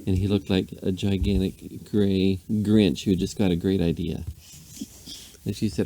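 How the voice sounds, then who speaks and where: A man's voice: low voice, little pitch movement, unhurried, mellow. A man, a dad, rambling playfully through an improvised bedtime story. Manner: rambling, playful, with silly asides.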